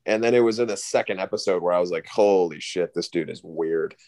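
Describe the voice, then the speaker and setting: A man's voice: low voice, brisk, a little mellow, dry recording. A young man chatting casually, rambling with many fillers. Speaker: podcast co-host. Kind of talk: casual chat.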